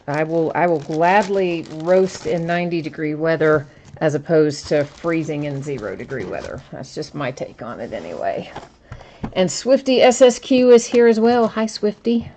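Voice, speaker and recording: A woman with a low voice hosts a live card break from her table, chatting casually with viewers and greeting them by name. She explains the rules patiently and at length. Faint noise sits under her voice. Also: warm tone. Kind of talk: casual live-stream chat. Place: indoors at a table.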